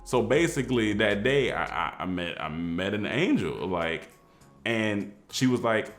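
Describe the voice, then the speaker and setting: A man telling a personal story in a casual, animated way, acting out the people in it. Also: low-pitched, moderate pace, soft background music. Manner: animated, excitable storytelling with voiced quotes.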